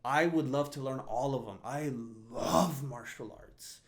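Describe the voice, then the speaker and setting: A man's voice: medium pitch, measured pace. A man hosting a casual solo podcast, rambling and often laughing as he restarts his sentences. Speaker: podcast host.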